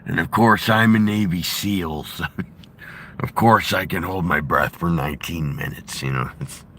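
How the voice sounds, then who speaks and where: Guy putting on a low gruff old wrestler voice, deadpan, drawls along slow and rambly. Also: a little hiss or hum. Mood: deadpan rambling. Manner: deadpan, meandering tangents. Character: gruff older male tough-guy ex-wrestler, boastful and rambling. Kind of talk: comic impression.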